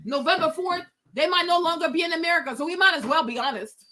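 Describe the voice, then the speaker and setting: A woman's voice: extremely high pitch, quick pace, bright, forceful tone, a little hiss or hum. A woman hosting a livestream from outdoors, giving emphatic, opinionated commentary full of repeated rhetorical questions. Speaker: livestream host.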